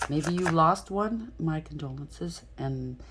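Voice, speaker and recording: Low-voiced blunt woman reading tarot. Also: expressive, slow pace, background noise. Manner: blunt, frank, often asks "okay?". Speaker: tarot reader.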